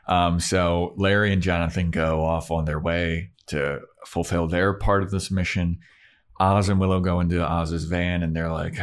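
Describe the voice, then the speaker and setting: A man with a notably low, deep voice talks through a TV episode plot in a casual podcast chat. His retelling is loose and peppered with profanity, moving from scene to scene. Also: flat delivery, normal speed. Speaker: podcast co-host.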